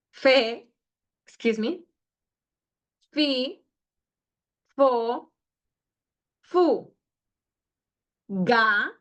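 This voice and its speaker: Slow, patient teacher woman. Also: on the high side, fairly bright tone. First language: Spanish. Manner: patient, repeats syllables, corrects herself. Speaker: Spanish teacher. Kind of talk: slow syllable-drill lesson.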